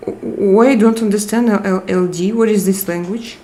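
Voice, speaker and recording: A woman's voice: mid-range voice, steady tone, moderate pace, dark tone. A woman hosting a live chat, reading viewer messages and teasing them in a playful, giggly way.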